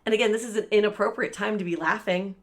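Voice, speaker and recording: This podcast co-host speaks at a quick pace in a mid-range voice. She spins a long, casual story full of swearing, animatedly performing the voices of everyone she quotes.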